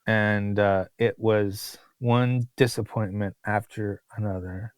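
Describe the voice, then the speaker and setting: A man's voice: lowish voice, fairly even intonation, slow pace, faint music behind. A man co-hosting a podcast and telling a long restaurant story in casual chat, with exasperated asides. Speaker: podcast co-host, restaurant critic.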